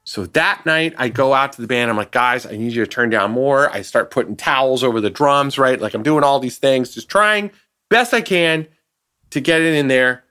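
A man, a guest sound designer, telling an animated anecdote on a podcast and acting out the people he quotes. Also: mid-range voice, normal speed, smooth. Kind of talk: casual podcast storytelling.

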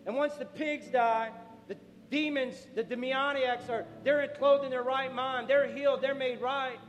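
A man preaching a sermon as pastor, animated, acting out the people in the story. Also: extremely high pitch, measured pace, highs cut off. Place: church sanctuary. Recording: echoey hall with music.

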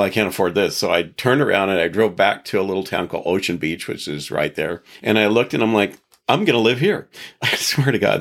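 A man's voice: low voice, vocal fry. A man from Texas, a podcast guest, telling long rambling stories in a reflective way and chuckling now and then. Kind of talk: casual storytelling interview.

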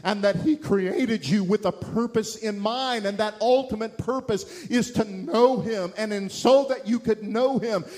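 Middle-aged male evangelist, high voice, impassioned sermon delivery with emphatic climaxes. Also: a little slow, few pauses, darkish tone. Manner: impassioned, rising to emphatic peaks. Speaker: preacher.

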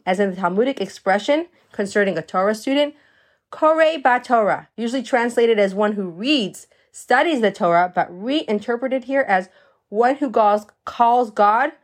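Woman, Torah teacher, somewhat high voice, earnest explaining, reads and translates Hebrew text. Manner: reads Hebrew passages aloud and translates them line by line; earnest, explaining with stories and rhetorical questions.

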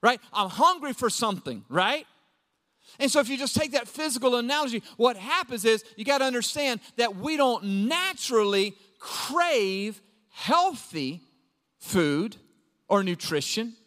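Preacher guy, really high voice, shouts then goes low and jokey, big echoey church sound. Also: measured pace. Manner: animated preaching, swings from shouts to low asides; acts out quoted voices of the congregation. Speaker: pastor. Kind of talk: sermon.

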